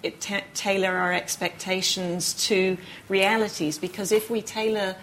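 A woman's voice: medium pitch, steady tone, measured pace, a bit bright, slight background noise, low-quality recording. An American woman speaking as a panel guest, arguing her point insistently. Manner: insistent, argumentative, laughing asides. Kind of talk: studio panel discussion.

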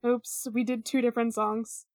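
A woman's voice: a little high, flat delivery, moderate pace, darkish tone, no echo, studio quality. A woman co-hosting a podcast in casual chat, rambling and hesitant with many fillers. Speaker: podcast co-host.

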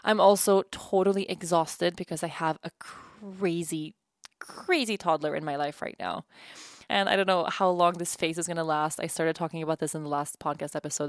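Woman host, 30s, casual solo podcast at home; candid, laughs a lot, slightly low gravelly voice. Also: no room sound, studio quality. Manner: candid, laughing often, rambling with restarts.

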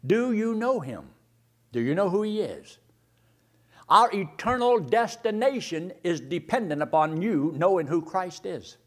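A male preacher delivering a sermon, firing rhetorical questions and reading scripture slowly, swinging between loud emphasis and hushed tones. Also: high-pitched, sing-song. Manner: reads scripture slowly and deliberately.

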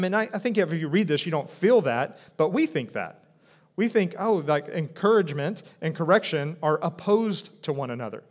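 A man in his thirties preaching from the pulpit, his voice sitting a little high for a man. He talks in an earnest, conversational way, restarting phrases often and dropping softer when he voices quoted speech. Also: animated, brisk. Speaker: pastor. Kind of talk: sermon.

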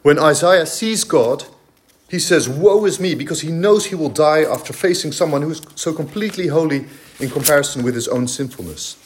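A man's voice: on the high side, a little fast. A man preaching a sermon in a church, emphatic and explanatory, with frequent fillers and restarts. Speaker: pastor.

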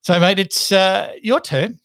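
Deadpan man, mock announcer. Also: sits high, measured pace, no echo. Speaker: podcast co-host. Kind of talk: casual banter.

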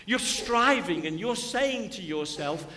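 A man's voice: high voice, expressive, takes it slowly, pushed and bright. A man preaching a sermon in a church, impassioned and repeating key phrases. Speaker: pastor. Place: church sanctuary. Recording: long church hall reverb.

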